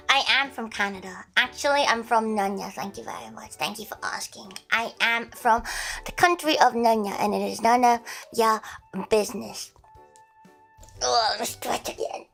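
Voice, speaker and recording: An Australian woman with a mid-range, sharp voice chats casually on a livestream. She's playful and prone to shrieking, giggly laughs.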